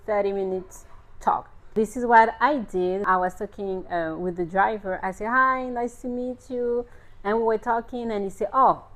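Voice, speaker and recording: A woman vlogger casually telling a personal story about everyday encounters. She talks in short bursts with fillers and loose grammar, and breaks into incredulous exclamations as she replays the conversation. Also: mid-range voice. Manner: expressive storyteller who replays her own disbelieving exclamations. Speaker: family and parenting vlogger.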